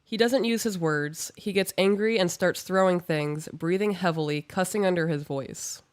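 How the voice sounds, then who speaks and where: A woman co-hosting a podcast, giving calm, firm and direct relationship advice. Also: on the low side, moderate pace, clear, resonant tone. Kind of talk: casual advice chat.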